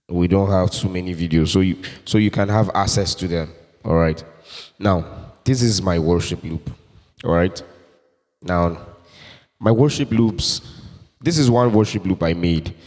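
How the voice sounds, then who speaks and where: Man, very low voice, slow delivery, repetitive explanations, echoey space. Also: darkish tone. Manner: slow, explanatory, repeats himself. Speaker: music tutorial host selling keyboard loops. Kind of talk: casual tutorial demonstration.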